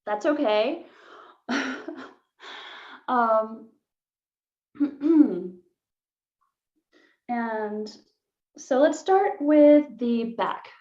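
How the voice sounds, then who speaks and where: Woman, voice coach, casual and giggly, higher voice; echoey room, muffled online audio. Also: lively intonation, extremely slow, pauses often. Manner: chatty, laughs easily, many "like" fillers. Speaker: voice workshop leader.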